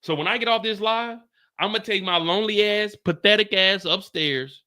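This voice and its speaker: A man's voice: high voice, moderate pace, clean tone. A man, giving a casual, slangy livestream recap of a TV episode. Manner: animated, slangy, acts out characters. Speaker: TV recap host. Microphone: streaming mic.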